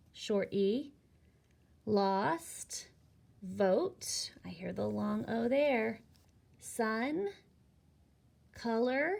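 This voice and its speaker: Teacher lady doing phonics for little kids, super slow, bit of vocal fry, spells every word out. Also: medium pitch, a little mellow. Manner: slow, patient, spells words out letter by letter. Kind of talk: phonics lesson for young children.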